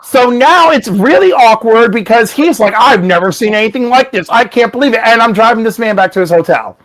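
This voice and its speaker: A man's voice: very high voice, fairly quick, low-quality recording. A man hosting a casual stream, telling stories in a chatty way and acting out the voices of the people in them. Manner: animated, acts out voices in his stories. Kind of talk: casual storytelling chat.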